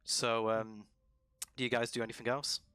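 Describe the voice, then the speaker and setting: Male game master narrating, relaxed, bright tone. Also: medium pitch, clean tone, no room sound. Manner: relaxed, many ums and pauses. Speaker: dungeon master.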